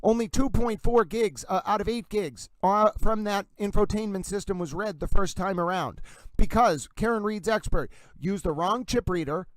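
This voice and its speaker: A man from Massachusetts with a Massachusetts accent, hosting a livestream of courtroom commentary and pressing his points emphatically to "ladies and gentlemen". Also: high voice, normal speed, no room sound. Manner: emphatic, insistent, repeatedly addresses "ladies and gentlemen". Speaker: livestream host.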